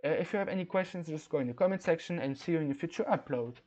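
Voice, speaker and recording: A man from France with a French accent, recapping a chess game in an excitable, stop-and-start way. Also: fairly high pitch, very fast. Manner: excitable storytelling, many restarts. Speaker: chess vlogger. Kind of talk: casual recap monologue.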